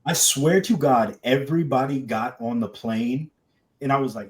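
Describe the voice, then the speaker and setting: A man co-hosting a podcast, telling animated, profane anecdotes in casual chat. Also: mid-range voice, moderate pace. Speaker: podcast co-host.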